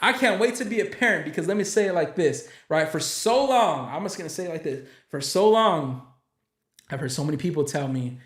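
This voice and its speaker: Young male church podcast host, casual and preachy, somewhat high voice, echoey room. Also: fairly quick. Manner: animated, preachy, rambling. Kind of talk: casual chat.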